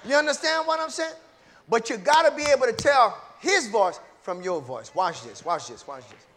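A man preaching at a church service in a very high, soaring voice that swings wildly up and down. He calls out for the congregation to answer back, drops into easy, chatty asides, then bursts into shouting. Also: expressive, normal speed, a little hiss or hum. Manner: call-and-response, bursts into shouting; casual conversational preaching with laughter. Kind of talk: sermon.

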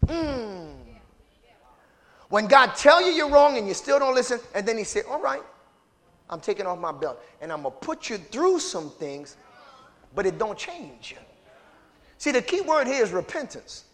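A man preaching a sermon as pastor, calling out to the congregation and swinging between low murmurs and shouts. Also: very animated, moderate pace, long pauses.

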